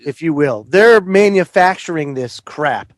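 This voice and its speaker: A man's voice: a little high, expressive, measured pace, no room sound, studio quality. A man appearing as a guest on political talk radio, speaking emphatically and with indignation.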